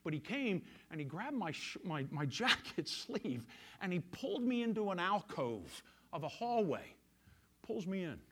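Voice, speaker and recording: A male pastor preaching a sermon, telling a story and swinging from loud emphasis to hushed quiet. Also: high voice, sing-song, a little slow.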